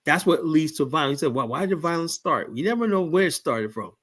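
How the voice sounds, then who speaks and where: A man's voice: on the high side, animated, a little fast, a bit bright, breathy edge. A man from the United States, a podcast guest, talking bluntly and heatedly, swearing freely as he tells stories. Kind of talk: casual podcast debate.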